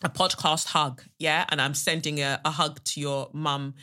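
Bright-voiced, blunt woman. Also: deep voice, fairly even intonation, moderate pace. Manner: candid and blunt, swears freely. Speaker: podcast host and actor. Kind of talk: casual monologue, reading a listener letter.

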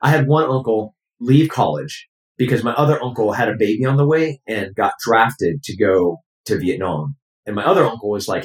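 A man with a low voice tells family stories in an easygoing, animated way, switching into quoted voices as he goes. The room around him sounds echoey and open. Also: normal speed. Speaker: guest. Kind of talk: casual storytelling.

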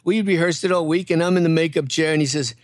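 A man's voice: a little high, quick pace, no room sound. An older man, a comedian guest, telling rambling anecdotes in casual chat, full of fillers and restarts.

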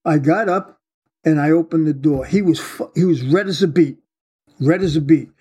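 A man's voice: a little high, moderate pace, breathy edge. A man telling a story of his undercover work in a casual interview, blunt and full of swearing. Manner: blunt, profane, animated storyteller. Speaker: retired undercover agent, guest.

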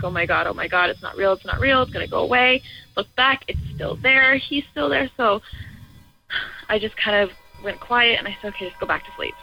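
A woman in her twenties, calling in to tell her own ghost story in an earnest, halting way with trailing restarts. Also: medium pitch. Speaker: caller sharing a ghost story. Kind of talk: personal paranormal story told to a radio show. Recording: muffled lo-fi audio with faint music.

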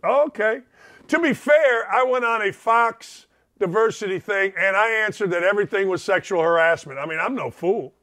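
A middle-aged man with a fairly high-pitched voice runs a casual radio monologue. He jokes freely and slips into little acted snippets of dialogue as he talks. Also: normal speed. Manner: animated, joking, acts out quoted voices. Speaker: radio talk show host.

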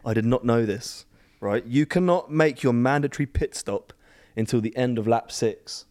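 A man's voice: mid-range voice, moderate pace, a little mellow. A man co-hosting a casual sports podcast, joking and offhand, often trailing off mid-thought. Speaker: podcast co-host. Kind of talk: casual chat.

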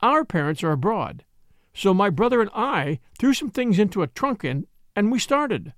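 A man reading a novel aloud and voicing an earnest young woman traveler in a softly raised voice. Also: high-pitched, very animated, moderate pace, dry recording, clean studio sound, voice pushed up, heavily acted. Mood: amazed. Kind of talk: audiobook character voice.

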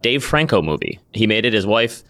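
Quick, easygoing male podcast host. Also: fairly low pitch, big pitch swings, fairly bright tone. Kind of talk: casual chat.

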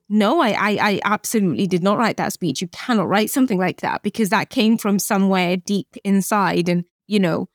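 A woman's voice: medium pitch, dry recording. British woman in her late 30s, chatty guest on a podcast, plays out the dialogue in her stories, dry close sound. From Britain. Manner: animated storytelling, acts out quoted dialogue. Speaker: guest, chef and author. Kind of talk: conversational podcast interview.

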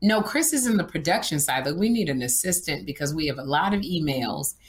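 A woman with a lowish voice that swings widely up and down, chatting on a podcast. She rambles cheerfully, restarts her thoughts and laughs a lot. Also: lively intonation, a little fast. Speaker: podcast co-host. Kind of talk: casual chat.

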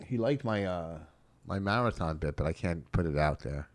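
Gruff, profane middle-aged male comic. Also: deep voice, lively intonation, moderate pace. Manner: rambling, profane, gruff banter. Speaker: stand-up comic, podcast co-host. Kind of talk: casual chat.

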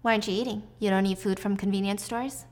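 A cool, aloof rich businessman, as a woman reading a recap voices him speaks in short, reserved lines at a middle pitch. He keeps his distance and gives little away. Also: steady tone, fast talker, close to an everyday voice. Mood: curt.

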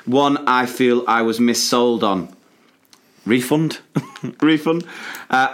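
A man's voice: medium pitch, fairly bright tone. A man co-hosting a casual podcast, chatting animatedly, venting and laughing often. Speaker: podcast co-host, primary teacher.

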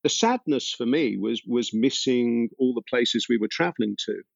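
A man being interviewed as a musician, telling stories thoughtfully with many pauses and fillers. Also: mid-range voice, lively intonation, creaky, no echo. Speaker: musician guest. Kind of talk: relaxed interview storytelling. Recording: dull, dry lo-fi sound.

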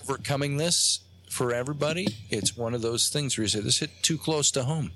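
A man, a guest on a talk show, tells a long story in a halting way, with many fillers and restarts. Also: mid-range voice, heavy background noise. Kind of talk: casual storytelling on a radio show. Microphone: phone line.

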